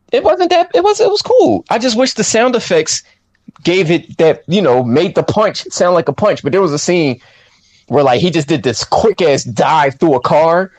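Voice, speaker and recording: A man co-hosting a podcast, chatting casually about a film with slang and quick quoted asides. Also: no room sound. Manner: animated, swoops up high when quoting himself, slangy. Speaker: podcast co-host reviewing a film. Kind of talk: casual chat.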